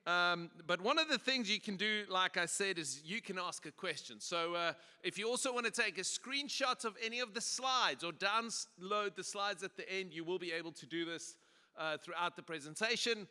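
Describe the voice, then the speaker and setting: A man's voice: sits high, normal speed, pushed and bright, clean tone. A South African man who pastors a church, giving a joking conference talk with lots of fillers and restarts. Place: large conference hall. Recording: echoey hall PA.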